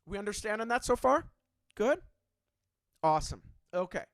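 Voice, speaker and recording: A man's voice: high voice, very animated, moderate pace, no room sound. A man teaching a drum clinic in a casual, chatty way, checking in often with his students. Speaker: drum instructor.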